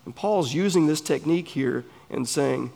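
A man with a Southern US accent, preaching a sermon in an earnest, emphatic way with pauses between phrases. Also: on the high side, vocal fry, warm tone, husky. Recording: long hall reverb.

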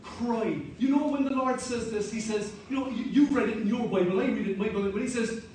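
A man's voice: extremely high pitch, quick pace, darkish tone, slight background noise. A man preaching a sermon in an earnest, repeating way that builds to emphatic points. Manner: earnest, repetitive, rising to emphatic. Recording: echoey hall, mic at a distance.

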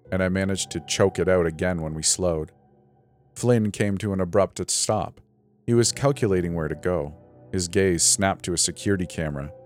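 A man narrating a creepy first-person story in a steady, measured reading. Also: sits low. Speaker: narrator of scary stories. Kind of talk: scripted narration. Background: faint background music.

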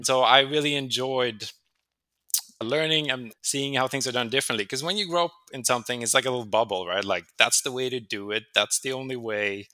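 A man's voice: mid-range voice, a little fast, dry recording. A man from Sweden, an interview guest telling stories in a conversational way and acting out the voices of people he quotes. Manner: animated, acts out quoted voices. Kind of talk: conversational storytelling.

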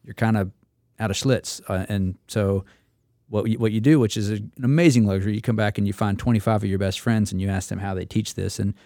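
A man with a low, gravelly, mellow voice tells stories in a casual roundtable chat. He acts out the people he quotes as he goes, and his voice sounds close and dry. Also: fairly even intonation, fairly quick, dry recording. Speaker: instructor pilot.

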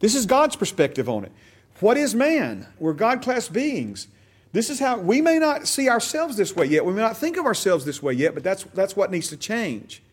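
Man, Bible class teacher, somewhat high voice, conversational, repeats key phrases, checks on his listeners. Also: big pitch swings, normal speed, slightly rough.

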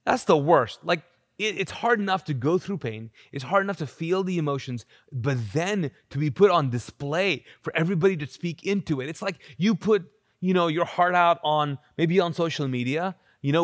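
A man preaching a live church sermon in an animated, conversational way, acting out quotes and restarting often. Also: a little high, normal speed, no room sound, studio quality. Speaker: pastor.

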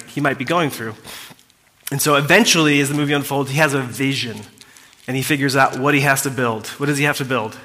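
Here a pastor with a medium-pitched, sharp voice preaches in a reverberant church hall. He tells the congregation a story in a relaxed, conversational manner, sprinkled with fillers and side remarks to the listeners.

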